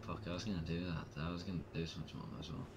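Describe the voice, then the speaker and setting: A man's voice: deep voice, flat delivery, very fast, a crowd in the background. A young man, riffing and swearing in a casual gaming chat over a noisy line. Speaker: gamer.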